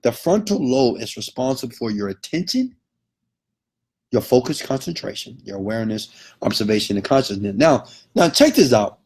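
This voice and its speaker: Emphatic, husky motivational speaker man. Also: mid-range voice, sing-song, normal speed, a little mellow. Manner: emphatic, keeps checking in with okay. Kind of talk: motivational lecture.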